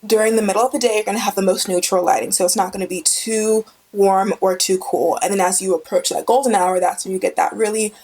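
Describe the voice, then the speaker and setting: A woman's voice: mid-range voice, fairly even intonation, fast, hardly any pauses, darkish tone. A young woman hosting a casual photography tutorial, talking on camera in a chatty, enthusiastic way with emphatic repetitions. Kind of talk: casual instructional vlog. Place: indoors with a studio light. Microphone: camera mic, speaker on camera.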